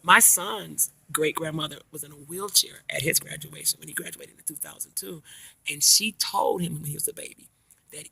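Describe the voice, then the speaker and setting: Middle-aged woman, vlog chat, rambling stories, sharp bright tone, husky edge. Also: low voice, normal speed. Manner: rambling, animated storytelling with slang. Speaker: vlogger. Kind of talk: casual chat.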